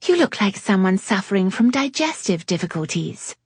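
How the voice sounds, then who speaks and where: A woman's voice: medium pitch, very animated, moderate pace, husky, no echo, voice pushed up. A woman voicing a fussy, fretful young noblewoman in an audiobook, prim and complaining. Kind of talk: audiobook character reading.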